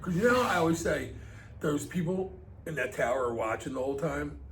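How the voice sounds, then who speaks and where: A man's voice: a little high, expressive, fairly quick, a bit bright, roomy sound, distant mic, low-quality recording. A man co-hosting a casual chat, joking and throwing in short questions. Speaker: co-host. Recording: clear background noise.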